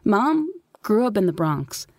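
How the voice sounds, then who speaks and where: A woman's voice: mid-range voice, big pitch swings, measured pace, a little mellow, no room sound, clean studio sound. A woman reading a first-person story in a wry, sardonic way. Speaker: narrator. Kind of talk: first-person audiobook narration.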